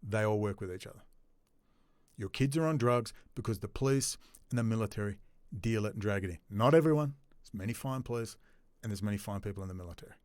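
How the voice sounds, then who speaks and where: A man's voice: on the low side, fast talker, a little mellow, dry recording. Angry profane man ranting. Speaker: video blogger. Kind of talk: unscripted rant to camera.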